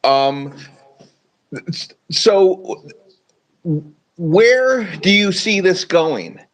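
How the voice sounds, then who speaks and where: A man co-hosts a business chat, halting and apologetic as he asks the guest questions. His voice sits a little high. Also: lively intonation, rough recording. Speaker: co-host. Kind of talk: casual podcast chat.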